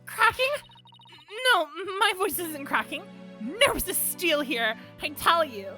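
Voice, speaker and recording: A woman voicing a nervous young male lawyer who insists he is calm, reading his lines aloud. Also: high-pitched, takes it slowly, soft background music, pitched above the performer's own voice, full character voice. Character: nervous young man lawyer, putting on bravado.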